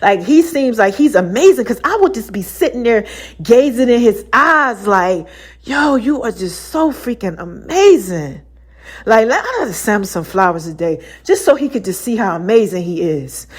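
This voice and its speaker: High-voiced woman podcast host, animated. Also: moderate pace, breathy edge. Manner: animated storytelling, often breaks into laughter; conversational slang-heavy delivery, addresses listeners directly. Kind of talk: casual faith talk monologue.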